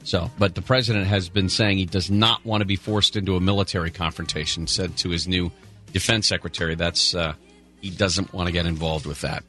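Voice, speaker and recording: Bright-voiced male talk radio host. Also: deep voice, steady tone, brisk, faint music behind. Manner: casual, rambling asides between headlines. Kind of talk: talk radio chat and news rundown. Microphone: studio broadcast mic.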